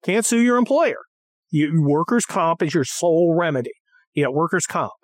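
Animated, profane woman chatting. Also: low-pitched, normal speed, no room sound, studio quality. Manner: animated, profane, mocking impressions. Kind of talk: casual chat.

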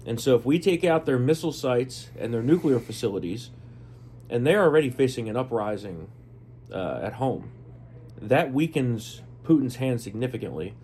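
Hoarse-voiced male podcast co-host. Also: mid-range voice, expressive, moderate pace, a little mellow, a little hiss or hum. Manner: opinionated, talks in lists with fillers. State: losing his voice. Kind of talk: casual political chat.

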